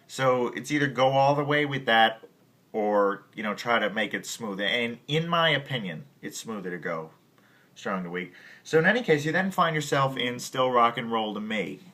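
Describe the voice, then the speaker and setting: Bright-voiced man chatting through a piano lesson. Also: mid-range voice, lively intonation, normal speed. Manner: rambling, many restarts, sings and scats examples. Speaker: piano teacher. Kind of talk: casual music tutorial.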